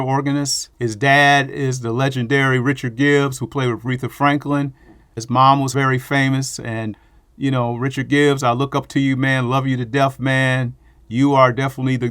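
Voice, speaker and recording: A man's voice: mid-range voice, a bit bright, dry recording. A middle-aged man giving a rambling, emotional spoken tribute to friends and family. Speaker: bass player giving thanks.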